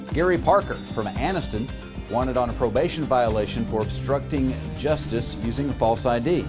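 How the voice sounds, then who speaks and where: A man hosting a local crime segment, reading a wanted list briskly with a light joking touch. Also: medium pitch. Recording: music bed underneath.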